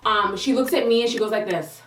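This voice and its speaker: A young woman vlogger telling a storytime in a casual, sassy, animated way, acting out what people said. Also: a little fast, reverberant, distant mic, a little hiss or hum. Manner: animated, sassy, acts out quotes in high exclaiming bursts. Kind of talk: storytime vlog, casual chat.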